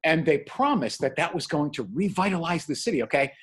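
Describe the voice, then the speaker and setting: An older man from New Jersey co-hosting a casual talk show, animated and rambling, often tagging his points with "okay?". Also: a little high, fairly quick, breathy edge. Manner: animated, digressive, tags remarks with "okay?". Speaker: podcast co-host. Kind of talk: casual chat.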